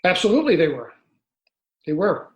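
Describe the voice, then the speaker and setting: A man in his sixties, a guest author recounting his own past in an interview. He tells it earnestly and haltingly, with many restarts. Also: high voice, sing-song, reverberant. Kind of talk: storytelling in an interview.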